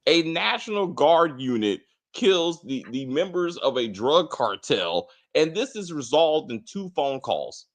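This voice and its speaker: A man's voice: fairly high pitch, very animated, measured pace, few pauses. A man co-hosting a casual TV spoiler review, ranting emphatically with plenty of profanity. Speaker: co-host of a TV review show.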